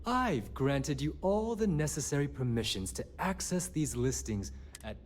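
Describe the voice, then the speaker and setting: A man voicing a self-assured pirate-crew money handler in a video game, speaking in a smooth, smug, explanatory way. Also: on the high side, lively intonation, unhurried, slight background noise.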